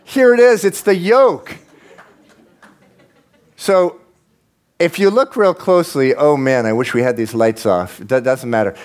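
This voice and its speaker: A man preaching a sermon as pastor, conversational and animated, rising into emphatic peaks. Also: a little high, a little slow, pauses often.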